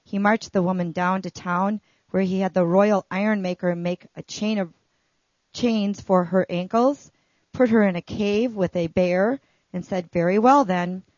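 A woman reads a children's story aloud with an expressive storytelling manner and a voice in a middle register. The recording is dry with no room echo, and the sound is muffled and lo-fi. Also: medium pitch, a little slow.

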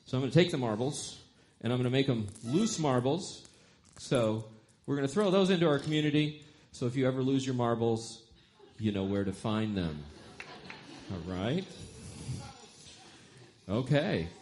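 Man leading children's time at church: gentle, playful, talks to the kids. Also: mid-range voice, lively intonation, moderate pace, slight background noise. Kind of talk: children's message in a service.

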